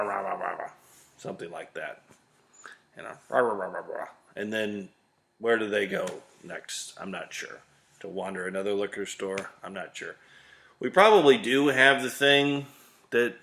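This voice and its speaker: A man's voice: fairly low pitch, sharp tone. A man ranting to camera on his vlog, exasperated and sarcastic, swearing now and then. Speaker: vlog host ranting about liquor. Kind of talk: comedic rant to camera.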